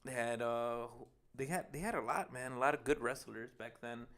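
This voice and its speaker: A man's voice: medium pitch, normal speed, over a noisy crowd. A man chatting casually in a laid-back way, mixing in Spanish phrases. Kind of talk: casual chat.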